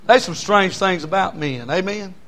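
Preacher, man, sermon to a congregation, a bit high-pitched, emphatic repeated lines, folksy jokes. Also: normal speed, pushed and bright. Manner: emphatic, repetitive cadence, folksy humor. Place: church before a congregation.

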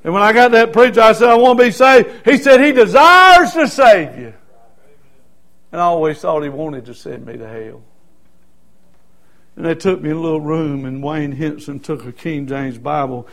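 A middle-aged man preaches his own testimony in a folksy, storytelling way. His voice sits high for a man, and he swings from hushed, quiet passages up to loud, shouted bursts. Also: fairly quick, gravelly. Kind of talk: sermon testimony.

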